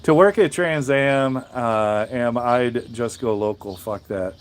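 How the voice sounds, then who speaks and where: A man's voice: medium pitch, takes it slowly. A man who drives trucks, chatting casually on a live stream and answering viewers, blunt and profane, rambling with many restarts.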